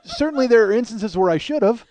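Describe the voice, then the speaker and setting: A man's voice: extremely high pitch, lively intonation, fast, darkish tone, slight background noise. A man telling a long comic story, rambling, self-mocking and cursing freely. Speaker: comedian.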